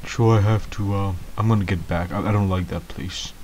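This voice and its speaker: A man's voice: low voice, steady tone, fairly quick, darkish tone, slight background noise. A man giving comedic gameplay commentary as a clueless beginner, whiny, easily startled and rambling with lots of ums. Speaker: gamer playing a clueless beginner.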